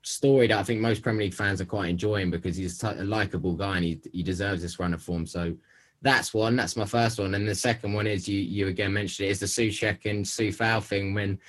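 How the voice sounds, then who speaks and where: A man's voice: on the low side, steady tone, fairly quick. A man talking football on a casual podcast, enthusiastic and opinionated. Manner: enthusiastic, opinionated fan talk. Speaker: podcast co-host.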